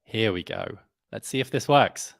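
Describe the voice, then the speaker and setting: A man's voice: on the low side, lively intonation, a little slow, gravelly, no room sound, studio quality. A man hosting a live online event, upbeat and friendly, joking about himself. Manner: friendly, upbeat, self-deprecating jokes. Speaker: host. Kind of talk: casual live-stream hosting.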